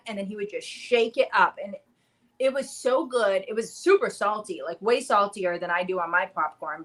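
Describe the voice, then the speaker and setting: A woman's voice: medium pitch, a bit bright. A woman in her thirties hosting a casual livestream, chatty and rambling, with lots of fillers. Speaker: livestream host. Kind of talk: casual live chat.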